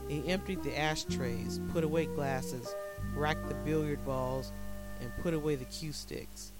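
Higher-voiced man narrating a dark story. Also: poor audio. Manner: dramatic, measured storytelling.

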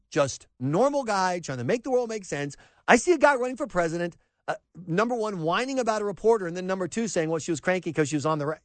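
Animated, sarcastic high-voiced male radio host. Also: no echo. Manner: sarcastic, animated, mocks quotes in put-on voices. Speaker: radio talk show host. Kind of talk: opinionated talk radio monologue.

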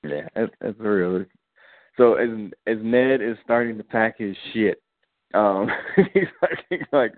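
Laid-back man, low voice, tinny line. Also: expressive, slow, no echo. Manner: laid-back, acts out characters' lines in slang. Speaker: podcast co-host. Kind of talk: casual recap chat.

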